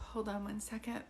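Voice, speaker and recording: A woman doing live psychic readings for viewers, chatty and informal, filling pauses with ums and calling people sweetie. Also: medium pitch, background noise. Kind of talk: livestream chat with viewers.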